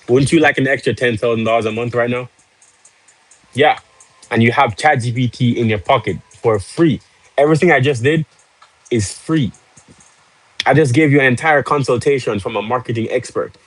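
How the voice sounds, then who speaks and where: A man's voice: medium pitch, moderate pace, long pauses, no room sound, rough recording. Salesy man hosting a live stream. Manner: salesy, pushy, laughs easily. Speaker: livestream host. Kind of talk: casual live-stream chat.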